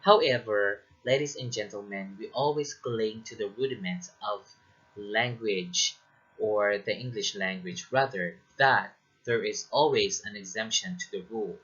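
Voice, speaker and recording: A man teaching as a lecturer in a deliberate way, often checking in with the listener. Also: fairly low pitch, a bit bright, husky, lo-fi sound. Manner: slow and deliberate, checking in with "okay?". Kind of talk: recorded lecture.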